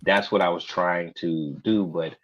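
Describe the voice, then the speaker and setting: Man, southern accent, low voice, casual storytelling, dull lo-fi stream audio. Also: a little slow. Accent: Southern American. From Georgia, USA. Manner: storytelling, mimics others in high voices. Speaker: livestream guest. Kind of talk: casual chat.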